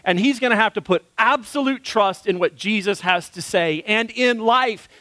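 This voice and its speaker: Brief: male pastor, high voice, dry close sound, chatty storytelling sermon with ums and uhs. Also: a bit bright, dry recording. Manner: conversational, frequent fillers.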